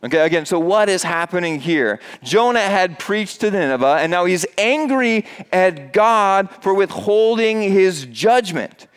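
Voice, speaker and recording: A man preaching to his congregation in a church, with a smooth, resonant voice set a little high. He keeps it conversational, trips over a word now and then, and fills pauses with "uh". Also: expressive. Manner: conversational preaching with fillers and restarts; acts out quoted voices in a raised pitch. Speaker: pastor. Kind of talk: sermon. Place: church with a screen behind him.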